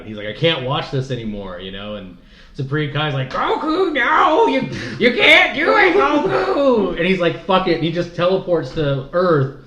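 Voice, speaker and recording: A man co-hosting a podcast, chatting casually in a rambling, profane way. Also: medium pitch. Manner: rambling, profane, laughs often. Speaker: podcast co-host. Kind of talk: casual chat. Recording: echoey, dull room audio with faint noise.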